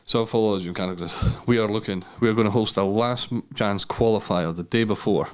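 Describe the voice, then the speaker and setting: A man's voice: fairly low pitch, fast talker, clean tone. A Scottish man, a podcast guest, telling his story in casual chat, swearing freely and acting out the dialogue as he goes. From Scotland.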